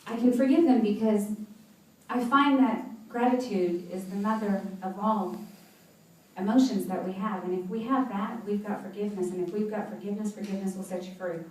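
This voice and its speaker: A woman's voice: medium pitch, steady tone, a little fast, a little mellow. A woman giving an inspirational talk to a live audience, telling personal stories and often laughing. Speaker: motivational speaker. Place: event hall with seated audience. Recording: echoey hall, voice from far off.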